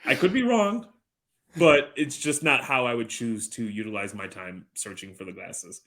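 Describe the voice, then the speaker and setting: A man's voice: mid-range voice, normal speed, fairly bright tone. Rambling, swearing man telling stories. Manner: rambling storyteller, swears freely, dry jokes. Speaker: podcast co-host. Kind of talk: casual chat.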